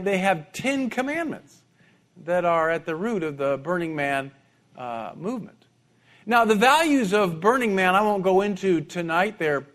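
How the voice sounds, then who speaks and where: High-voiced conversational male preacher. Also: fairly bright tone. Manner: conversational, repeats words when restarting. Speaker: pastor. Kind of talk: sermon.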